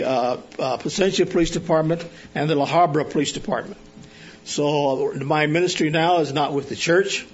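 An older man from Arizona, a police chaplain, preaching a sermon at a church service with personal stories, pausing often with fillers and restarts. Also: fairly high pitch. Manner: halting, many filler sounds and restarts. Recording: dull lo-fi recording.

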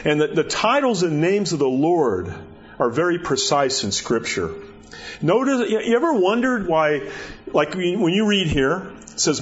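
Conversational preacher, dull lo-fi sound. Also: male voice. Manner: conversational, repeats words, rises in pitch for emphasis. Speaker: pastor. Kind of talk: sermon. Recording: dull lo-fi recording.

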